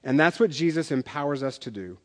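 Male pastor, conversational sermon, fairly high voice, long hall reverb. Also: expressive, fairly quick. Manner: conversational, self-deprecating humor. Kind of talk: sermon with storytelling.

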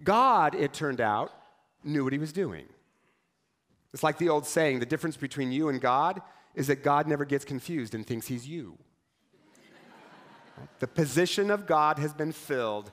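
A male pastor preaching a sermon in a conversational, wry storytelling manner with quick acted asides. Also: fairly high pitch, expressive, fairly bright tone.

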